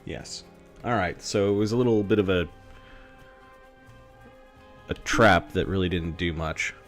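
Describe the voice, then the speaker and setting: A man giving playful live commentary while playing a retro role-playing game, muttering asides to himself and sometimes dropping to a hush. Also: low-pitched, unhurried, soft background music. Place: home streaming setup.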